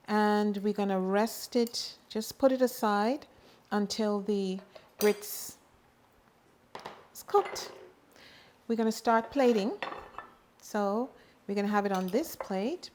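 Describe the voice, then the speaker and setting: Unhurried woman demonstrating cooking. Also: mid-range voice, a little hiss or hum. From Bahamas. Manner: relaxed, chatty, homey asides. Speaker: home cook and farmer. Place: home kitchen.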